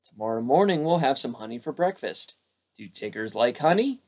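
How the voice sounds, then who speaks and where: A man doing Pooh, a mild gentle bear. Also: medium pitch, big pitch swings, moderate pace. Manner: mild, puzzled.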